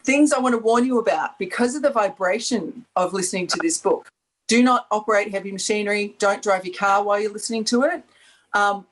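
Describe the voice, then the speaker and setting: A woman's voice: mid-range voice, poor audio. A woman with an Australian accent, chatting enthusiastically on a panel, rambling and laughing often. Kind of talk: casual chat.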